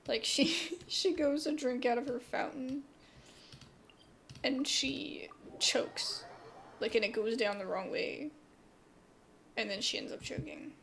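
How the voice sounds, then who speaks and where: A woman's voice: high voice, takes it slowly, vocal fry, pauses often, fairly bright tone, a little hiss or hum. A woman streamer chatting casually and rambling while playing a game. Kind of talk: casual gameplay commentary.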